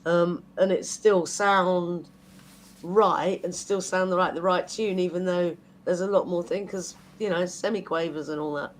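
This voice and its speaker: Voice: mid-range voice, steady tone, measured pace, a little hiss or hum. A guest songwriter in a casual podcast chat, talking in rambling, restarting sentences and laughing easily.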